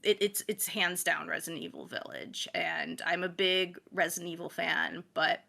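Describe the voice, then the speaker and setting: A woman's voice: on the low side, steady tone, normal speed, creaky, pushed and bright. A woman co-hosting a casual podcast, chatty and enthusiastic, with many fillers. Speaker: game editor, podcast co-host.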